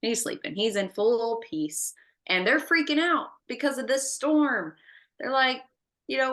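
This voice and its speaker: A woman's voice: on the high side, animated, measured pace, bright, forceful tone. A woman co-hosting a faith podcast, telling a story animatedly and acting out the voices in her retelling. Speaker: podcast co-host.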